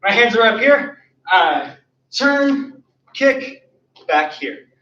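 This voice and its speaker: Out of breath martial arts guy counting kicks, high voice, echoey studio, far from the mic. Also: sing-song, drawn-out words, sharp tone. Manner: counts and cues moves while demonstrating kicks. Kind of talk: online class instruction. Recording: roomy, distant, dull sound.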